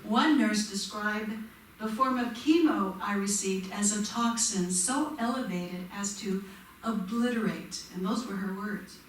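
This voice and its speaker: A woman's voice: mid-range voice, unhurried, distant mic, a little hiss or hum. A woman from the congregation sharing a personal story in a conversational way, with touches of self-deprecating humor. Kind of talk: personal testimony. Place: church sanctuary. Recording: echoey church room, mic from afar.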